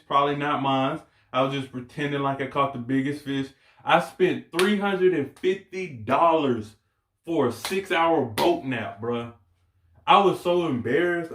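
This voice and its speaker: A young man telling a casual story on his channel, slangy and animated, laughing as he goes. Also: on the high side, roomy sound. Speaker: vlogger.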